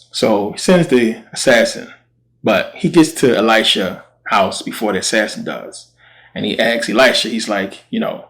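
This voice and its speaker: A man's voice: lowish voice, moderate pace, a bit bright. A man hosting his channel, retelling a Bible story in a slangy, conversational way. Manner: slangy, conversational, acts out quotes. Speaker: channel host.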